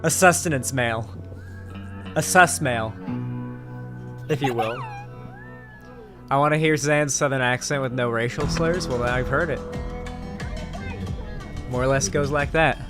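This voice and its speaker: A young man doing casual reaction commentary, excitable and crude, with quick joking asides. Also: medium pitch, over music. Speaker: commentary streamer reacting to a video.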